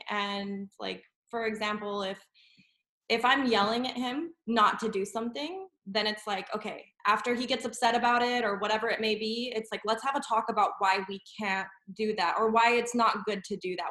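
A woman's voice: a little high, fairly bright tone. A mother talking as a guest on a podcast, earnest and chatty, laughing as she speaks. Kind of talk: casual podcast chat. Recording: echoey room.

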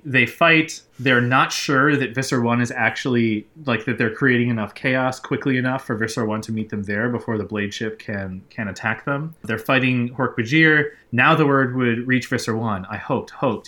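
A man's voice: mid-range voice, sharp tone. A man in casual conversation, chattily retelling scenes from a book and often saying "like". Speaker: podcast host discussing a book.

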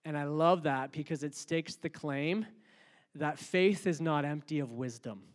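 Guy preaching a sermon, kinda high voice, big echoey church hall. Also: a little slow. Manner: builds from calm to loud, rising preaching. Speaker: pastor.

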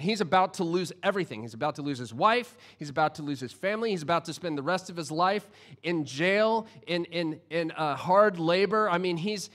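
A male pastor preaches a sermon in a fairly high voice. He retells a parable earnestly, often stopping and restarting mid-thought. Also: a bit bright.

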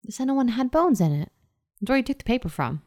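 A woman playing a tabletop role-playing game. She describes scenes in detail and reacts with lively exasperation. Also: fairly high pitch, fast talker. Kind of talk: casual tabletop role-play narration. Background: music.

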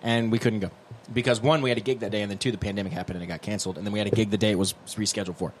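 A man co-hosting a casual podcast, animated and joking, cursing freely. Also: fairly low pitch, very fast, a little hiss or hum. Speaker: podcast co-host.

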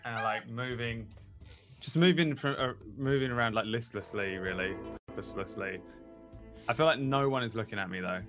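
A man's voice: medium pitch, moderate pace, over music. A man describing what his character does in a tabletop role-play game, in a meandering, wry way. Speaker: player.

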